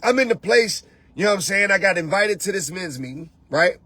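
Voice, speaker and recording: A man's voice: high-pitched, lively intonation, brisk, pushed and bright, breathy edge, dry recording. A man hosting a show as a spiritual coach, giving an emphatic motivational talk full of repeated phrases and rhetorical questions. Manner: talks straight to the listener with rhetorical questions. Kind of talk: motivational monologue.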